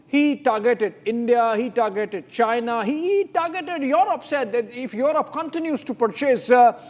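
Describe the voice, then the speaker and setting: High-voiced male news anchor. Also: expressive, moderate pace, a little mellow. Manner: rambling questions full of fillers. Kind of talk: live TV news debate hosting.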